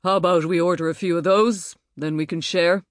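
A woman's voice: lowish voice, steady tone, fairly quick, no room sound, clean studio sound, natural voice. A woman voicing a blunt, distracted, hungry hulking rugby player in an audiobook.

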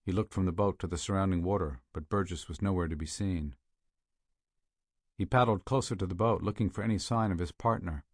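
A man narrating a thriller audiobook in a steady, measured way, on a close studio mic. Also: low voice, no echo.

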